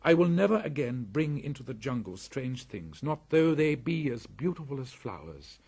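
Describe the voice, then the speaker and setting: A man's voice: medium pitch, moderate pace, breathy edge, pitched above the performer's own voice. Mowgli, a man doing a fierce jungle boy. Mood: earnest. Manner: lively, commanding boy's voice.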